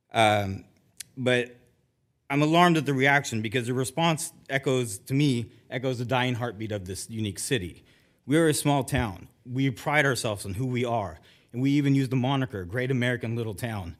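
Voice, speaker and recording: Nervous middle-aged man at public comment. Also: mid-range voice. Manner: nervous and emotional, halting with many restarts. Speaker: resident giving public comment. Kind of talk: public comment at a council meeting. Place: council chamber.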